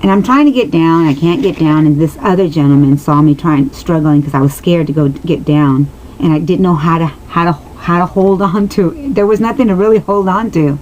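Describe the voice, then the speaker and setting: Low-voiced woman telling a rambling personal story. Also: a little fast, hardly any pauses, darkish tone, lo-fi sound, a little hiss or hum. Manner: rambling, with many restarts and asides to viewers; earnest and emotional. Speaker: vlogger answering viewers.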